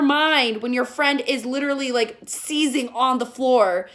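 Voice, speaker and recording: A young woman in her twenties delivers a sarcastic, profane comedic movie review, frequently mocking the characters in shrill voices. Her delivery is a little slow and her tone a bit bright.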